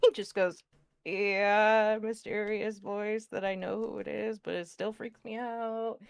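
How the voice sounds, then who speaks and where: A woman's voice: medium pitch, steady tone, moderate pace, vocal fry, a little mellow, dry recording. A woman playing a tabletop game, giggling as she describes how the other characters react. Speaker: player. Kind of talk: casual tabletop role-play.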